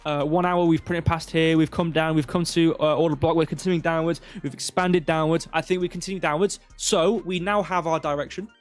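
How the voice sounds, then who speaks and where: Male stream host, a bit high-pitched, loose and chatty, thinks aloud over charts. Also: fairly even intonation, brisk, few pauses, faint music behind. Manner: rambling, filler-heavy, thinking aloud. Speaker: crypto livestream host. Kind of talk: casual live chart commentary.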